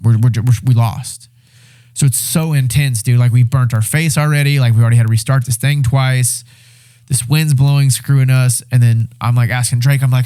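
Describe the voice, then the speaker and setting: A young man speaks as a podcast guest in a mellow, warm voice. His telling is animated, and he leans into a survival story with swearing, restarts and bursts of energy. The talk is casual and conversational. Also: mid-range voice, a little fast. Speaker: podcast guest, reality show winner.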